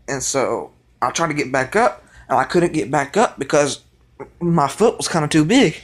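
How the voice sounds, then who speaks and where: A young man tells a personal story on his vlog, his voice sitting a little high for a man. He rambles and gets excited, restarting his sentences as he goes. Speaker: vlogger. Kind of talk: casual storytelling.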